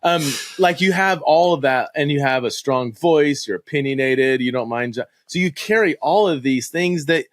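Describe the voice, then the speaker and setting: A man hosting a podcast, chatty and quick to laugh, asking rambling questions in a casual conversation in a home basement. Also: fairly high pitch, no echo. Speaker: podcast host.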